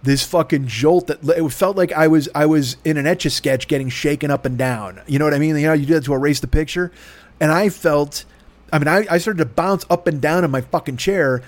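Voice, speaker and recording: A man's voice: a little high, brisk, no echo. Rambling, swearing middle-aged man. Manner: rambling, sardonic storytelling, heavy swearing. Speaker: podcast host. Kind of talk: casual profane monologue.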